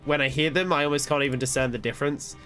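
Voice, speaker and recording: A male gamer chats loosely while he plays, wandering from thought to thought and poking fun at himself. His voice sits a bit high for a man, with faint music playing underneath. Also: steady tone, very fast, sharp tone. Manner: rambling, self-deprecating, laughs often. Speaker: streamer. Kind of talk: casual gaming commentary.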